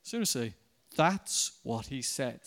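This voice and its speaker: A man preaching a sermon, telling a personal anecdote in a lively way and addressing the congregation directly. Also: medium pitch, slow pace.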